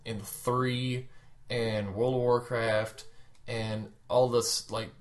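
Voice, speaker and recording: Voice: mid-range voice, level tone, takes it slowly. A podcast co-host in casual chat, blunt and sarcastic.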